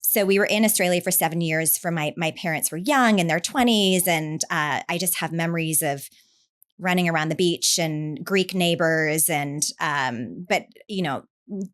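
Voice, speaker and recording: A woman's voice: fairly low pitch, moderate pace, fairly bright tone. A woman in her fifties from New Zealand, a business founder telling her story as a guest in a casual interview. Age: 50s.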